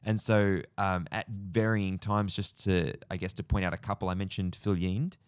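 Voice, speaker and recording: A man's voice: deep voice, little pitch movement, moderate pace, clear, resonant tone, dry recording, studio quality. Reflective Australian man telling stories. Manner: rambling, reflective storytelling with many fillers. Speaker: podcast co-host. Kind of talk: casual chat.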